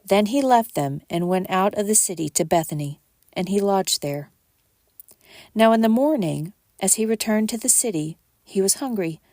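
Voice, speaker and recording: A woman hosting a podcast, reading scripture aloud at a measured pace and lifting her voice for quoted speech. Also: medium pitch, expressive, a little mellow, no room sound, studio quality.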